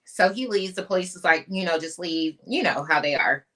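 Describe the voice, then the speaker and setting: This podcast co-host, a woman from the US West Coast, has a fairly low-pitched, slightly bright voice. Brisk and animated, she keeps the casual chat going with emphatic, chatty storytelling.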